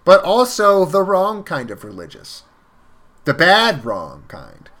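A man's voice: high-pitched, huge pitch swings, slow pace, fairly bright tone, full character voice. A man voicing a pompous, self-righteous male soldier who drags out his words for emphasis while retelling a story. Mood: indignant.

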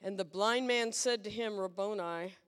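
Slow, playful woman preaching. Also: fairly high pitch, animated, fairly bright tone, long reverb tail. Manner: playful, asks the congregation questions. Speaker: guest preacher. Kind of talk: lively sermon. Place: church sanctuary.

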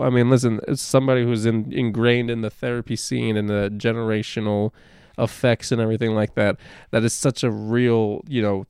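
Male podcast co-host, mid-pitched smooth voice, rambling and profane, dry close mic. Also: a little fast, no room sound. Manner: animated, swears freely, rambling with many fillers. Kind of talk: casual podcast discussion.

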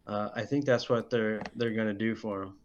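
A man co-hosting a casual fight podcast, speaking haltingly and filling his pauses with ums and uhs. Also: fairly low pitch, fairly even intonation, a little hiss or hum. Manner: slow, halting, lots of fillers. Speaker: podcast co-host. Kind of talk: casual chat. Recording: dull lo-fi audio.

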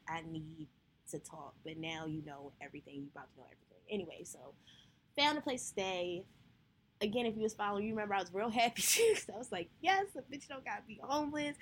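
A woman's voice: mid-range voice, husky. A young woman hosting a podcast, candidly telling her own story in casual speech, swearing freely, laughing often and talking straight to her listeners. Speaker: podcast host.

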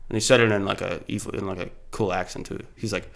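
A man's voice: low voice, fairly even intonation, fast, vocal fry, fairly bright tone. A young man hosting a casual podcast chat, rambling with lots of fillers and restarts. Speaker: podcast host.

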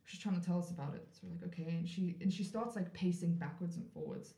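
A woman with a somewhat low voice recounts a personal story as a podcast guest, casual and animated. She acts out the voices of the people in her story and leans on "like" fillers. The room around her sounds echoey. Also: quick pace, gravelly. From South Africa.

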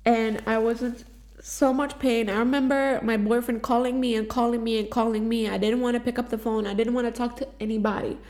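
A woman's voice: fairly high pitch, little pitch movement, brisk, darkish tone. A woman telling a personal story in a candid, emotional confessional monologue, with heavy swearing, fillers and restarts. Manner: raw, emotional, swears freely. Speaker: vlogger sharing a personal story.

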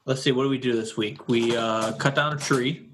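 A man as a guest in casual chat, halting with ums and uhs. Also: mid-range voice, fairly even intonation, a bit bright.

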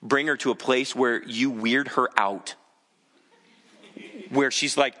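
Bright-voiced male pastor preaching in a hall. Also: mid-range voice, steady tone, slow. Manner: earnest, urgent preaching that acts out quoted voices. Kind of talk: sermon.

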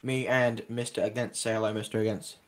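A man's voice: lowish voice, little pitch movement, fairly quick. A young Australian man hosting a casual podcast, rambling and joking with lots of fillers. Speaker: podcast host.

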